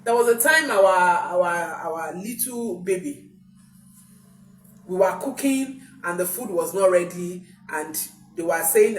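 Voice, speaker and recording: A woman's voice: medium pitch, animated, measured pace. A woman, a parenting coach giving an emphatic motivational talk and repeating key phrases. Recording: echoey room, distant mic, faint music.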